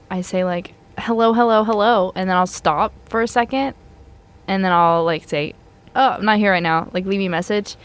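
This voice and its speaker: A young woman co-hosting a student podcast, telling a rambling story in casual chat and laughing a lot. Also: lowish voice. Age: young adult.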